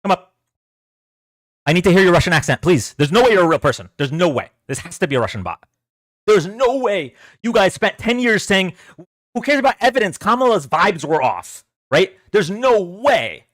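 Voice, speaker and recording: A man's voice: high voice, lively intonation, moderate pace, dry recording, studio quality. A man hosting a livestream, talking casually to his chat, exasperated and sarcastic, often repeating himself. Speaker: political livestream host.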